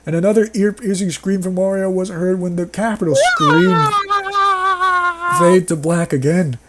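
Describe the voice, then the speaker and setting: Over heavy background noise, a high-pitched man with big swings in pitch reads a horror story at normal speed. He comments as he goes, sarcastic and mocking, with bursts of laughter and outbursts.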